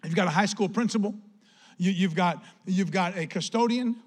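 A male pastor with a high-pitched voice delivers a sermon. He swings between loud, climbing pleas and relaxed, joking asides to the congregation. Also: moderate pace. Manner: impassioned, rising to near-shouts when quoting Paul; conversational asides and jokes.

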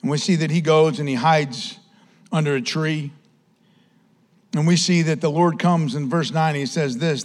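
A man preaching from the pulpit in a notably high voice. He hammers repeated lines at the church and sometimes sinks into a quiet, hushed tone to make his point. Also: steady tone, normal speed, pauses often. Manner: emphatic, repetitive preaching, drops to a soft hush. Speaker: pastor. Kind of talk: sermon.

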